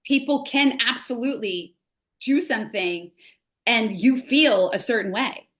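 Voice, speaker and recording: A woman's voice: fairly high pitch, a little slow, fairly bright tone. A middle-aged woman from the United States, a grief recovery specialist talking through ideas in a casual podcast conversation, earnest and illustrating points with little examples. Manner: earnest, explains with acted-out examples.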